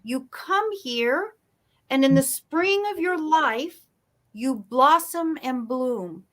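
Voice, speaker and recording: Brief: woman guest, bright higher voice, storytelling, emphatic, video call. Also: animated, slow. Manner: emphatic, storytelling, shifts pace for effect. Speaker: guest speaker. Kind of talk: motivational interview talk.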